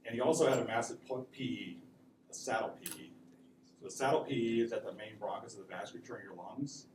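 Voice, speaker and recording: A man's voice: fairly low pitch, fast talker. A man giving a casual classroom lecture, often checking in with "right?" as he tells stories. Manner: casual, conversational, peppered with "right?". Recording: echoey room mic from far off, noisy.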